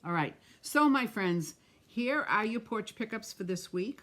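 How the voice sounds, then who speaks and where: A woman's voice: medium pitch, animated, unhurried, fairly bright tone. A middle-aged woman, chatting with viewers by name while demonstrating a card-making craft on a live stream. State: has the hiccups.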